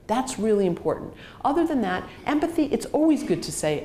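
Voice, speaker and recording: Animated woman lecturing in an echoey hall. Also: a little high, fairly quick, a little hiss or hum. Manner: animated, acts out dialogue, frequent fillers. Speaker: physician lecturer. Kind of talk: grand rounds lecture.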